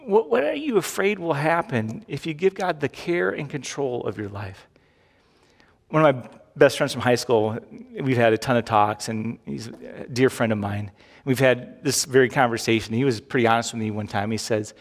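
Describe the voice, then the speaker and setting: A man's voice: medium pitch, normal speed, gravelly. A middle-aged man preaching a sermon as pastor, in a chatty way with repeated phrases and frequent "right?" asides. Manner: conversational preaching with tag questions and repeated phrases. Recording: long hall reverb.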